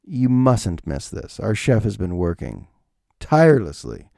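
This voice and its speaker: Man playing a fawning waiter, low voice, slow and unctuous, gravelly, dry close sound. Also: wildly swooping pitch, mellow, dry recording, full character voice. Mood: solicitous. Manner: low, slow, deferential upsell. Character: posh fussy restaurant waiter, male adult.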